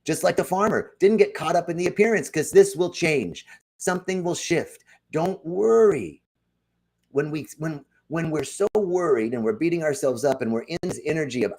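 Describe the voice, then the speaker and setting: Man giving a lively inspirational talk. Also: on the high side, moderate pace. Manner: lively storytelling, addresses viewers directly. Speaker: spiritual speaker at a wellness center. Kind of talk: inspirational talk on a live stream.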